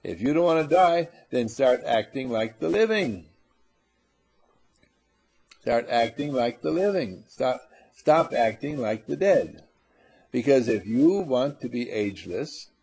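A man with a gravelly, husky voice delivers a spiritual lecture to a live audience. His pitch swings widely as he acts out little scenes and teases his listeners into answering him. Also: a little mellow. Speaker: motivational speaker.

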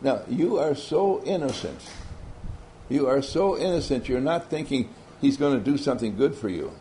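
A man's voice: mid-range voice, animated, moderate pace, dark tone, slight background noise, rough recording. A man giving a motivational talk, telling a story animatedly and often laughing. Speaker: motivational speaker.

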